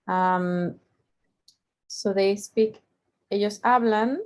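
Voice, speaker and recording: A middle-aged woman teaching Spanish in a slow, unhurried way. Her voice has a gravelly fry, and she stretches out each example word and goes over every point twice. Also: medium pitch, a little mellow. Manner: explains slowly, drawing out Spanish example words; patient, repeats each point. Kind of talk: language lesson.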